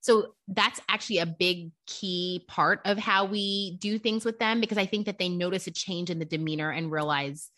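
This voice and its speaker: A woman's voice: on the low side, moderate pace, few pauses, fairly bright tone. A young adult woman, a mother co-hosting a parenting podcast, talking reflectively and thinking aloud. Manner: reflective, thinks aloud, acts out her kids' voices. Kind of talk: casual chat.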